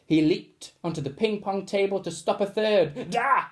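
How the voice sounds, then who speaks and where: A man reading a children's storybook aloud in a lively way, adding sound effects as he goes. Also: high-pitched, moderate pace.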